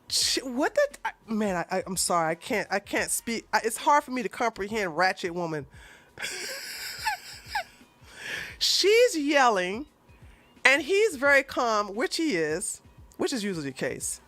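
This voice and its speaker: A woman with a high, bright voice delivers mocking reaction commentary. She swings widely in pitch and speaks at an unhurried pace, with a sarcastic, profane edge. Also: sing-song, no echo, soft background music. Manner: sarcastic and profane, with loud laughs and sudden shouts.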